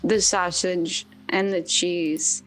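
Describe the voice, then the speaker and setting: A woman playing a tabletop game over a video call, joking in character with droll, deadpan suggestions. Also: fairly low pitch, slow pace, over music. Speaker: tabletop player.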